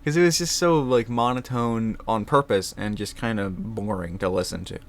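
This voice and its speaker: A young man talking casually on his vlog, animated and swearing freely, laughing often. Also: lowish voice, normal speed. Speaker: vlogger. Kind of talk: casual chat.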